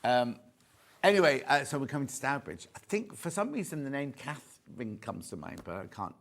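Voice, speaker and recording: A man's voice: medium pitch, sing-song, normal speed, fairly bright tone. An English man presenting a live shopping show, chatting jokily, reading out viewer messages and showing fabrics. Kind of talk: live home shopping chat. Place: TV studio.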